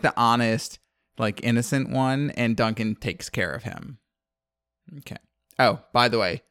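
A man's voice: mid-range voice, a bit bright, no echo. A man from the American South casually recapping a movie as a podcast co-host, rambling and laughing often. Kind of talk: casual chat.

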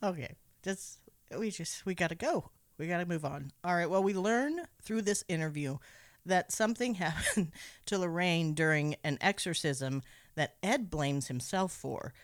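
Lively, playful woman recapping a film. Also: fairly low pitch, normal speed, no echo, clean studio sound. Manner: playful, sarcastic, laughs often. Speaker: podcast co-host recapping a film. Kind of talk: casual chat.

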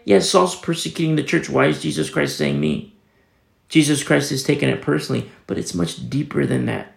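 Gravelly man preaching a rambling sermon. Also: medium pitch, echoey room. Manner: rambling, with many restarts and emphatic rises. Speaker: pastor. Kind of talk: conversational Bible teaching sermon.

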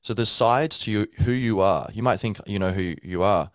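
A man's voice: lowish voice, normal speed, no room sound, clean studio sound. A man hosting a podcast, speaking in a loose, rambling monologue full of fillers and sounding tired from little sleep. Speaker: podcast host.

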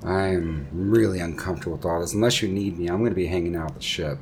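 A man playing a quiet, uneasy dwarf woman. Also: fast, slight background noise, lightly acted. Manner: low, quiet, hesitant.

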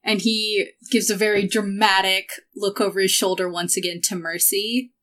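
A woman's voice: mid-range voice, level tone, moderate pace, a bit bright. Woman gm narrating, playful and giggly, makes silly zoop noises. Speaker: game master. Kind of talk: narrating a tabletop game.

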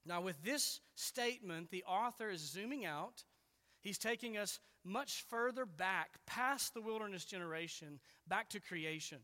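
A man's voice: high-pitched, lively intonation, a little slow, sharp tone, big-room sound. A man preaching an expository sermon in an earnest, explaining way, leaning hard on key words.

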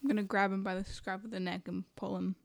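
A woman's voice: mid-range voice, level tone, fast, gravelly, no echo, clean studio sound. A woman playing a tabletop game, speaking in character bluntly and bossily. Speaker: player.

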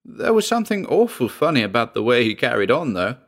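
A man voicing an earnest young boy telling what he saw in a halting, excited way. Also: mid-range voice.

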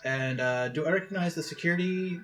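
A man taking part as a player in a tabletop role-playing game, eagerly thinking his moves through out loud. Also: on the high side, fairly quick, faint music behind. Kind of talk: casual tabletop game play.

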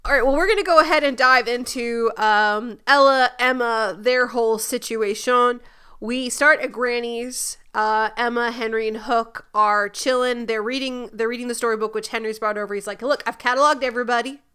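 A woman's voice: fairly high pitch, fairly even intonation, moderate pace, pushed and bright, clear, resonant tone. A woman co-hosting a casual podcast who recaps the episode in an upbeat, playful way. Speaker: podcast co-host.

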